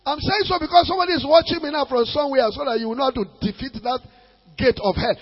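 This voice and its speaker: A Nigerian man preaching a sermon as a pastor, emphatic, with sudden loud bursts. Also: extremely high pitch, fast talker, big-room sound, lo-fi sound.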